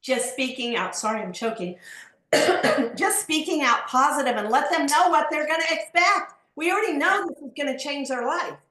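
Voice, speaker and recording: A woman with a fairly high voice gives enthusiastic sales advice, upbeat and full of evangelical phrasing. Her voice has a roomy sound, as over a video call. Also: lively intonation, normal speed, sharp tone. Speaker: guest on a team call.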